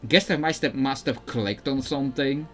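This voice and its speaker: A man's voice: mid-range voice, moderate pace, soft background music. A man giving casual, rambling commentary while playing a video game, often restarting sentences and chuckling. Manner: rambling, self-interrupting, chuckling. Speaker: gameplay streamer.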